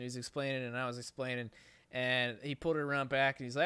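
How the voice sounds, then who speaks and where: A man's voice: medium pitch, fast, clear, resonant tone, dry recording. Swearing, rambling male podcast host. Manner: profane, rambling, animated storytelling. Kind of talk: casual storytelling chat.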